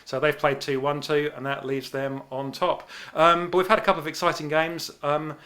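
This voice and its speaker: A man's voice: on the high side, level tone, moderate pace, sharp tone. A man co-hosting a chat podcast, talking casually with many fillers and restarts. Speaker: podcast co-host.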